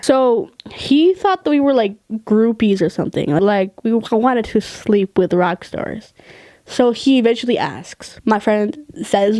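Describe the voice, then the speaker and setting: Animated, foul-mouthed woman telling stories. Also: on the high side, measured pace, dry recording. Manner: animated, swearing freely, laughing mid-sentence. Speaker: vlogger. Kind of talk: casual storytelling.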